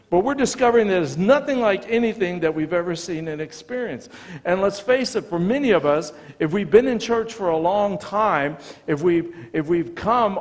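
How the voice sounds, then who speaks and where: American pastor preaching in a reverberant church. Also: male voice, sits high. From United States. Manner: animated storytelling, acts out dialogue. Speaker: visiting pastor. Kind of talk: sermon. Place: church sanctuary.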